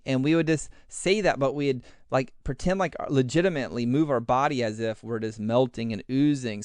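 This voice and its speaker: Brief: male podcast host, smooth resonant voice, dry close sound, animated, acts out his thoughts mid-sentence. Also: mid-range voice, brisk, few pauses, no echo. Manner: animated, acts out his own inner voice in quotes; uses many fillers like "like". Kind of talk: casual podcast talk.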